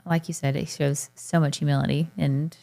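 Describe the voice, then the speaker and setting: Lady in her 30s chatting on a podcast, deep voice with some fry, lots of likes. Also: level tone, moderate pace, warm tone. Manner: chatty storytelling with frequent likes and laughs. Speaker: podcast co-host. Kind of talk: casual chat.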